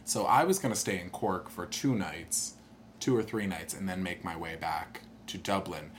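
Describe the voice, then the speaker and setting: A young man telling a long personal story in casual chat, animated and jumping into higher voices when he quotes people. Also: moderate pace, a little hiss or hum.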